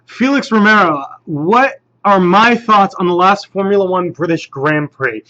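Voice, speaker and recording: A man's voice: sits high, lively intonation, measured pace, pushed and bright, lo-fi sound. A man co-hosting a live show, bantering casually and answering viewer questions. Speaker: co-host. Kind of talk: casual live stream chat.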